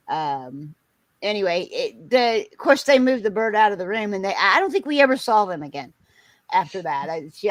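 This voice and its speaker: Middle-aged woman host, animated anecdote teller, dry close mic. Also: fairly low pitch, no room sound, low-quality recording. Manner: animated storyteller, acts out quotes, laughs often. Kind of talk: casual storytelling chat.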